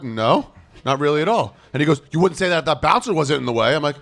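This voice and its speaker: Animated profane male comic storyteller. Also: a little high, fast talker. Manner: animated, profane, laughing through stories. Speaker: comedian podcast guest. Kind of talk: casual storytelling chat.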